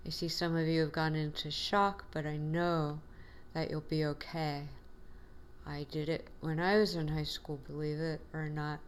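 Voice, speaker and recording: A woman's voice: deep voice, slight background noise. A woman teacher giving a classroom lecture in a patient, encouraging way, with frequent fillers.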